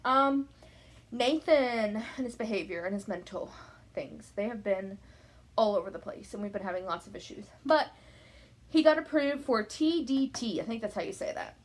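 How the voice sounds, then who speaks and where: At night in her bedroom, a young woman vlogger chats casually to the camera in a fairly high voice. She talks at a moderate pace, sounds a little out of breath, and rambles from one topic to the next.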